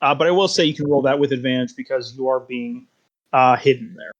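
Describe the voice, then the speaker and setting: A man's voice: medium pitch, a little fast, lo-fi sound. A man running a tabletop game as game master, with a hesitant, filler-heavy way of talking.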